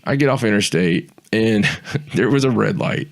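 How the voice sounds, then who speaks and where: A man's voice: lowish voice, moderate pace, gravelly. A man hosting a podcast, telling a rambling anecdote with restarts and laughter. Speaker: podcast host.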